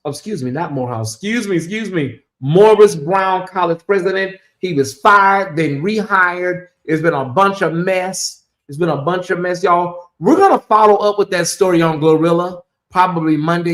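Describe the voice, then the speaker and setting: A man hosting a gossip show in casual commentary, sassy and chatty, calling his viewers y'all and honey. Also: a little high. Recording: echoey room.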